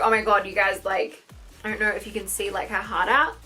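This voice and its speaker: A young woman gushing and gasping her way through an excited makeup unboxing vlog. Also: medium pitch, a little fast, soft background music. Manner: gushing, gasping, exclaims constantly. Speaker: beauty vlogger.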